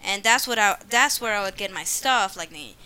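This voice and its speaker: A woman's voice: mid-range voice, expressive, normal speed, sharp tone, clean tone. A young woman from New Jersey in casual chat, talking freely, repeating herself and laughing often.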